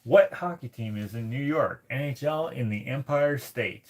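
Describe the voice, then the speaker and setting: A man from Canada hosting a casual livestream, reading viewer comments aloud and rambling as he thinks out loud. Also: mid-range voice, normal speed. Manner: rambling, thinks out loud while searching things up. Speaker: livestream host.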